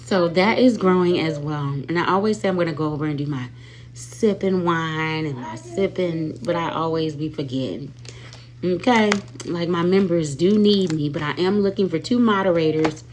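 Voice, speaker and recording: A woman with a low voice talks at a normal speed while hosting a casual livestream. She's a chatty, sassy adult with children who often calls her viewers y'all and honey.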